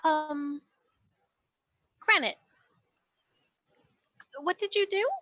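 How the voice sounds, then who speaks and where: A woman's voice: high voice, extremely slow, pushed and bright, no echo. A woman playing a tabletop role-playing game, asking questions in character with hesitant ums. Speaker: player.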